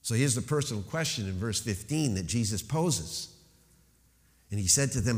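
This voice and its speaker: A man preaching a sermon as pastor, emphatic, slowing to stress key phrases and dropping into rhetorical questions. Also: mid-range voice, expressive, long reverb tail.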